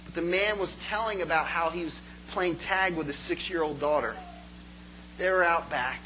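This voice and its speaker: Passionate man preaching, bright voice. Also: a little high, moderate pace, slight background noise, poor audio. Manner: passionate, swinging from soft asides to loud pleading. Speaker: pastor. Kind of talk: sermon.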